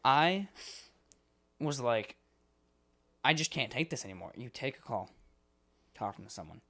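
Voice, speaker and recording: A young man co-hosts a podcast in loose, casual chat. He rants with lots of swearing and slips into exasperated voices as he acts out frustrating phone calls, his pitch leaping up and down. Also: lively intonation, a little slow, vocal fry, fairly bright tone. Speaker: podcast co-host.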